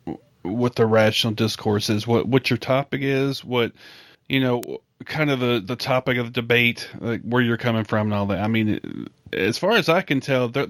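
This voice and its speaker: A man's voice: medium pitch, dry recording. A man hosting a casual podcast conversation, blunt and profane, with lots of fillers. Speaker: podcast host.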